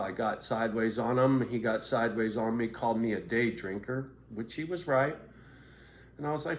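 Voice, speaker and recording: A man's voice: mid-range voice, normal speed. Profane, blunt middle-aged man in echoey room. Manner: blunt, profane, street-tough storytelling. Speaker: vlogger. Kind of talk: candid personal monologue. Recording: roomy echo, faint background noise.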